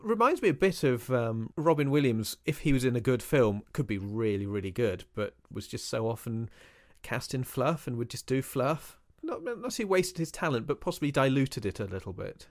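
Animated man talking films. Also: medium pitch, normal speed. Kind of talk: casual film discussion.

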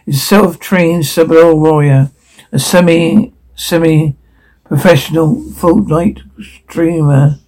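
A man with a gravelly, husky voice pitched a touch high, doing comedic voice acting for a whole cast of characters. He jumps quickly from one put-on voice to the next, and the humor is crude and full of swearing. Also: darkish tone, poor audio. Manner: rapid swings between put-on voices, crude and profane.

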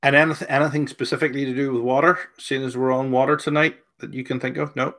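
A man's voice: mid-range voice, flat delivery, quick pace, fairly bright tone. A man hosting a live online show, chatty and playful, reading viewer questions. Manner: chatty, playful, laughs easily. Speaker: show host.

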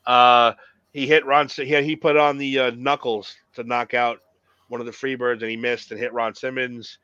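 A man's voice: mid-range voice, little pitch movement, normal speed, bright, forceful tone, clear, resonant tone, dry recording. Man, podcast co-host, casual rambling chat, swears freely, dry muffled recording. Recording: dull lo-fi sound.

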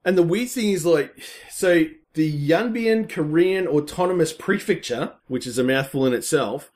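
Rambling, excitable man recapping a film. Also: on the high side, moderate pace. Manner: rambling, full of fillers and restarts; excitable storytelling. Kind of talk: casual film recap chat.

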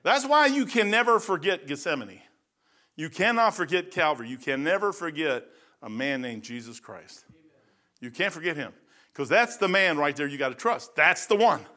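A man's voice: fairly high pitch, animated, normal speed, bright, forceful tone. A man preaching a folksy sermon, rambling through stories and laughing at his own jokes.

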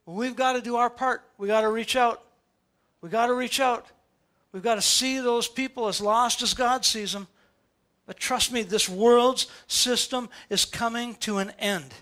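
A male pastor, preaching a sermon in church in an animated, playful way, often asking rhetorical questions. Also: extremely high pitch, measured pace.

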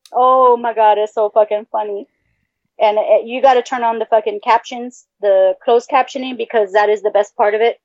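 Foul-mouthed, excitable woman on a lo-fi stream. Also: high-pitched, no echo. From El Paso, Texas. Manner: profane, excitable, mock-outraged outbursts. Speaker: podcast co-host. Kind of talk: casual chat.

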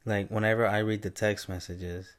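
A man's voice: on the low side, level tone, normal speed, clean tone. A man co-hosting a casual podcast who teases his partner and asks lots of questions. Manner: teasing, asks a lot of questions. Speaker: podcast co-host. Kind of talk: casual chat.

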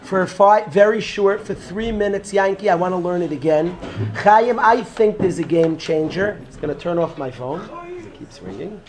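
Rabbi guy with a high voice giving a class lesson, keeps repeating himself and firing questions at students. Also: moderate pace. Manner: repeats phrases and quizzes students by name. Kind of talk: lively classroom lecture.

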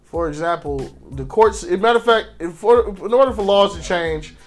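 A man's voice: high-pitched, animated, a little fast, soft background music. A man co-hosting a podcast, arguing passionately and profanely in casual discussion, acting out quotes. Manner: impassioned, acts out quotes of police and victims; profane, repeats words when restarting. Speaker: podcast co-host.

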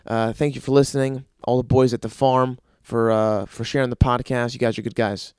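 A man's voice: medium pitch, level tone, fairly quick, a little mellow, smooth, no echo, clean studio sound. A young man hosting his own podcast, ranting alone in a crude, rambling way with lots of fillers. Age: young adult. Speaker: podcast host. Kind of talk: crude solo podcast rant.

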